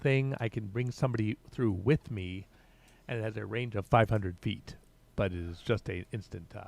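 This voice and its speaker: A man playing in a tabletop game, talking casually in a quick, practical way. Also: lowish voice, vocal fry, a little mellow. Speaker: player.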